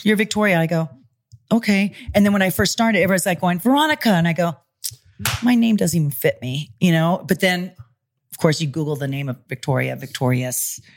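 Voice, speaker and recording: Guesting on a casual interview at a Los Angeles studio, a former pro wrestler from California in her forties shares stories. Her fairly low voice keeps a moderate pace, and she's animated, performing the voices of whoever she's quoting.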